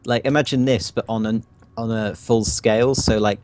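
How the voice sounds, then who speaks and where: Teasing low-voiced man explaining a game. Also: fairly even intonation, moderate pace, darkish tone, no room sound. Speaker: guest gamer. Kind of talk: casual gameplay chat.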